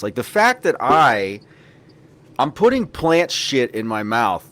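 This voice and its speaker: A man's voice: mid-range voice, very animated, measured pace. A man hosting a podcast, telling rambling, profanity-laced stories in casual chat. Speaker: podcast host.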